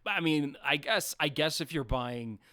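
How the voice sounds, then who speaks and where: A man's voice: on the high side, lively intonation, a little slow, pushed and bright, no echo, clean studio sound. A young man co-hosting a film podcast, laid-back and a bit hesitant, swearing and laughing easily. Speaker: podcast co-host. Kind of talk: casual film podcast chat.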